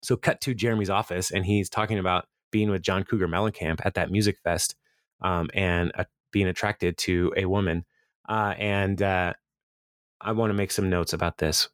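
A man's voice: low voice, fairly even intonation, normal speed, fairly bright tone, dry recording, studio quality. A man hosting a podcast, casually recapping episodes, rambling and often laughing as he quotes characters. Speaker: podcast host.

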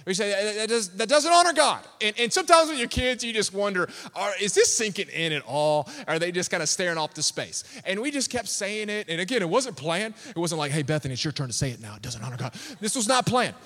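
A pastor, preaching a sermon with animated storytelling and laughter. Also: male voice, high voice, fast, few pauses. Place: church hall. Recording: long reverb of a church hall.

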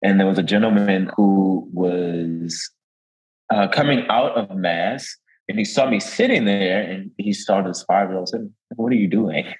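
A man's voice: sits low, a little slow, rough recording. A young man with a New Orleans accent, a guest priest chatting in an interview and telling stories with frequent laughter. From New Orleans, Louisiana. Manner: warm storytelling, laughs often, animated quoting. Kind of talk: casual interview chat.

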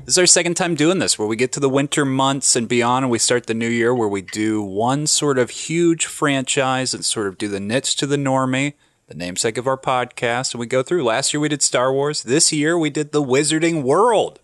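A man's voice: medium pitch, normal speed, a bit bright, dry recording, clean studio sound. A man hosting a podcast, introducing the episode and joking casually with his co-hosts. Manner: upbeat, joking banter. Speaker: podcast host. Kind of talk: casual chat.

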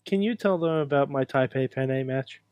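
A man's voice: medium pitch, moderate pace, a little mellow. A male co-host in a studio, teasing and joking in a mock-stern tone during casual chat.

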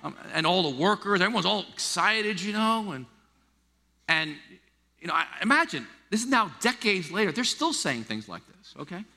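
A middle-aged American man preaching a sermon, animated and acting out the voices he quotes. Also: high-pitched, moderate pace, gravelly. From United States. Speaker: pastor. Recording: long hall reverb.

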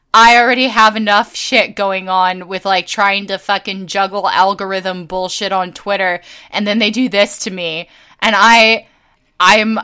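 A woman co-hosting a casual chat podcast, swearing freely and ranting with low energy, full of fillers and halting restarts. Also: sharp tone, clean tone. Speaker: podcast co-host.

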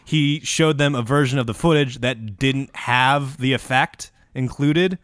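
A man's voice: medium pitch, a little slow, fairly bright tone, no room sound. A man co-hosting a comedy podcast, ranting with sweary, confident asides. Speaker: podcast co-host. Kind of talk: casual comedy podcast chat.

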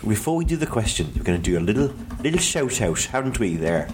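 Low-voiced chatty podcast host. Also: male voice, sing-song, fast talker, noisy background. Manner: chatty, self-deprecating, laughs often. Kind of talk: casual chat.

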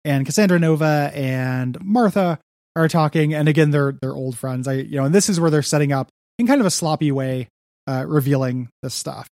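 A young adult man co-hosts a podcast, rambling through a comics recap full of fillers. His voice sits on the high side with a darkish tone and a moderate pace, recorded cleanly in a studio with no echo.

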